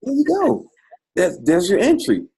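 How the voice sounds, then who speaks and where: A man with a husky, slightly breathy voice runs a live trading call. He jokes and encourages callers in a folksy, easygoing way. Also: high-pitched, very animated, measured pace, warm tone. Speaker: trading coach hosting a call.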